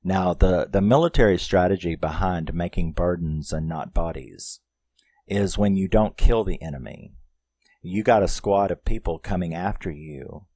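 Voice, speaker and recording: Man, very low voice, casual profane film reviewer, dry close sound. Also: normal speed, dark tone, dry recording. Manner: rambling and profane, with many fillers.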